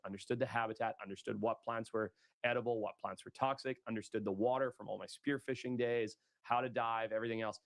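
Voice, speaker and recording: A man with a lowish voice tells a story in a relaxed interview. He talks loosely and animatedly, throwing in slang and acting out what people said. His voice sounds close and dry. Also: no echo. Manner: animated, acts out quotes, casual slang. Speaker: guest telling his story.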